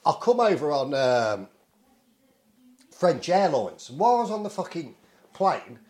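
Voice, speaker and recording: A middle-aged man from England tells a story among friends. He swears constantly and slips into the voices of the people he talks about. His pitch sits a little high and swings widely. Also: very animated, a little slow, a little mellow. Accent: English. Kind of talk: casual anecdote.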